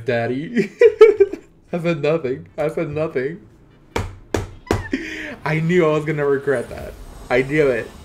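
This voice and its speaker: A man's voice: medium pitch, a little mellow. A man from Mexico with a Mexican accent, chatting casually and teasingly with viewers while streaming a game. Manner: playful, teasing banter with viewers, quick laughs, swearing. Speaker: live streamer. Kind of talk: casual gaming live-stream chat.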